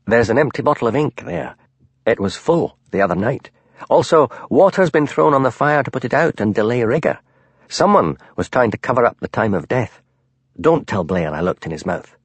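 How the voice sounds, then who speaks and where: A man voicing a shrewd, quiet Highland police constable in an audiobook, speaking with an urgent, lifted voice. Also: expressive, moderate pace, slightly rough, dry recording. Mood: confiding. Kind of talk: audiobook character voice.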